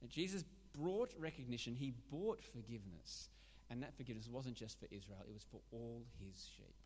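A man preaching a sermon, animated and emphatic, often restarting his words. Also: medium pitch, a little fast. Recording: long hall reverb.

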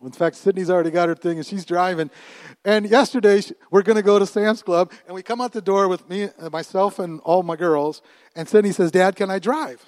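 A middle-aged man preaching a sermon as pastor, animated and laughing often, dropping to a hush and then rising loud, often repeating his words. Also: high-pitched, brisk, no room sound.

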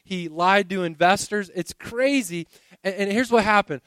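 A man's voice: sits high, normal speed, a bit bright, no room sound. A man preaching a sermon in a conversational way, often repeating words as he searches for the next thought. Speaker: pastor.

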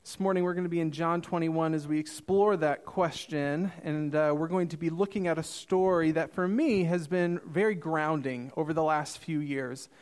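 A man in his thirties preaching a sermon, reading scripture and acting out the dialogue with lively storytelling. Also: on the high side, moderate pace, hardly any pauses, clean tone. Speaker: missionary preacher.

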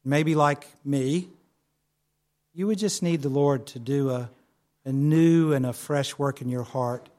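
A man preaching a sermon, telling a personal story in a conversational way with fillers, then slowing and softening into prayer. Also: medium pitch. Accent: not local to the church's area. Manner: softer and slower when praying. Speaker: pastor.

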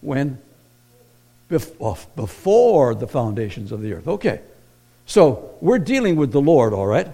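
A man preaching a sermon, moving from hushed personal storytelling to loud, emphatic declarations. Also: mid-range voice, very animated, a little slow. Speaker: pastor.

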